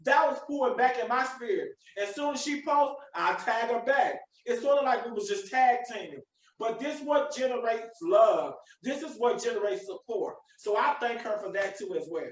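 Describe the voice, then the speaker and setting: A man with a high, bright-pitched voice hosts a live video podcast and preaches his motivational message with emphasis. He sounds set back from the mic, and his voice rings around an echoey room. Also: expressive, moderate pace, far from the mic. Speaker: podcast host.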